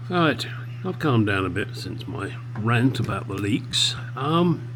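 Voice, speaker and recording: Against a noisy background, a man with a fairly low voice speaks slowly but very animatedly. He's a middle-aged Englishman restoring a classic car in his home garage, giving blunt, sweary commentary to the camera in a casual workshop vlog.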